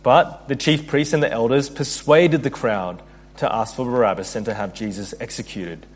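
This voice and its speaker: A man's voice: medium pitch, normal speed, husky. Earnest man preaching a sermon. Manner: earnest preaching, reads scripture aloud, rises in intensity. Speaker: pastor.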